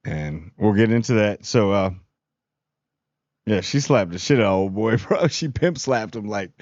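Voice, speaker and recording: A man giving a casual, rambling spoiler review of a TV episode, full of slang and quick acted-out lines for the characters. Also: on the low side, animated, a little mellow, no room sound, highs cut off.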